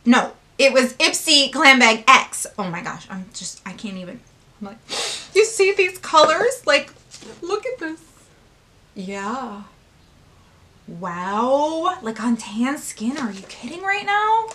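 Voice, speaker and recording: A woman beauty vlogger unboxing and swatching makeup, gushing and excitable, now and then dropping to a hushed whisper. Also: high voice, takes it slowly.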